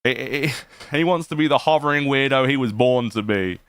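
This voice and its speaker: A man's voice: medium pitch, normal speed, a bit bright, smooth, no room sound, clean studio sound. A man giving profane, mocking reaction commentary to a stream, laughing often and padding his talk with fillers.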